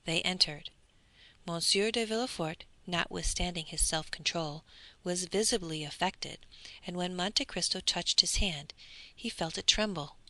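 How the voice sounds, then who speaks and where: Bright, low-pitched woman reading a novel. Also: measured pace, no echo. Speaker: audiobook narrator. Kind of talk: scripted audiobook narration.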